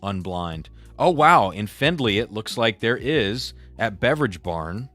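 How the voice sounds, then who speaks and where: A man's voice: on the low side, big pitch swings, a little slow, a bit bright, no echo, soft background music. A young man hosting a casual live stream, chatty and reading viewer comments aloud. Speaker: livestream host.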